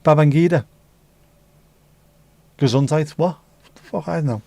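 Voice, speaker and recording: This Englishman's voice is on the high side, gravelly and warm, delivered at a normal speed. Hosting a livestream, he chats casually, reads out viewer comments and rambles through jokey asides with free swearing.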